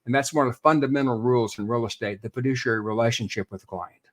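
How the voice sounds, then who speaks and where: A man's voice: mid-range voice, fast. A man, a real estate expert guest on a podcast interview, explaining earnestly and repeating words as he thinks.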